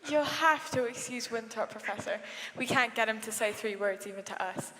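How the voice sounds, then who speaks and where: A woman's voice: a little high, moderate pace, a bit bright, close to an everyday voice. A young woman on a school stage playing a chatty, eager Irish mother. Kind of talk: school stage musical acting. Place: school stage in a large hall. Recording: echoey hall, voice from far off.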